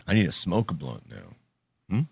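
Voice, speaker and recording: Male talk host, low-ish and animated, profane joker, dry close mic. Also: moderate pace, vocal fry, slight background noise. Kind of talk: casual call-in show banter.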